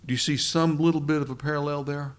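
A man's voice: a little high, steady tone, fast. A man preaching a sermon in a conversational way, speaking directly to his listeners and often restarting his words.

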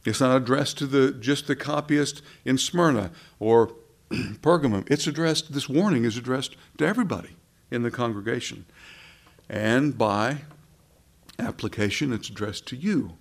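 A man with a gravelly, creaky voice preaches a sermon at a middle pitch. He talks conversationally, asking his listeners rhetorical questions and stopping for asides. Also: normal speed.

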